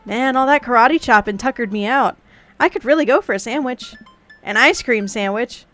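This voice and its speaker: A woman voicing a sarcastic teenage daughter in her last year of high school, trading deadpan banter. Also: normal speed, soft background music, close to an everyday voice. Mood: playful. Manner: snarky, deadpan teen banter.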